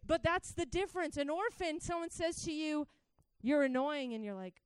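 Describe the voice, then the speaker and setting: A woman preaching a sermon, swinging from hushed to joyfully shouting and talking straight to her listeners. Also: sits high, brisk, dry recording. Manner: laughs between points, speaks to listeners as guys.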